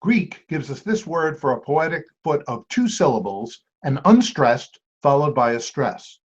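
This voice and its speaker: A man hosting a trivia quiz, reading clues aloud and repeating each one slowly. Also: on the high side, animated, breathy edge. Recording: dull lo-fi amateur recording.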